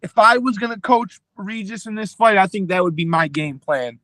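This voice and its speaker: This man co-hosts a boxing podcast, his high, fairly bright voice animated at a moderate pace in a dry recording. In casual chat he analyzes a fight plan, restarting hesitantly again and again.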